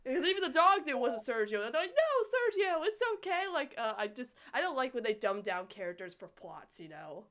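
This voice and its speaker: A young woman in casual chat about a cartoon episode, ranting in an animated, exasperated way and filling her talk with "like". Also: fairly high pitch, quick pace, hardly any pauses. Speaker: podcast co-host reviewing a cartoon.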